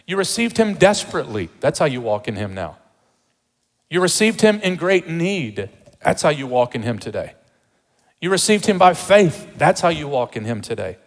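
A pastor preaching a sermon with emphasis, repeating rhetorical questions to the congregation. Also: male voice, fairly high pitch, sing-song, normal speed, in a large hall.

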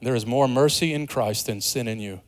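A man preaching a sermon as pastor, earnest, moving from hushed low passages to loud, high emphatic ones. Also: normal speed.

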